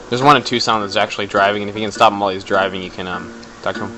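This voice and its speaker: Young man, casual game commentary, chatty, jokey, quick delivery, soft music behind. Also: on the low side, steady tone, poor audio. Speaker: let's play commentator.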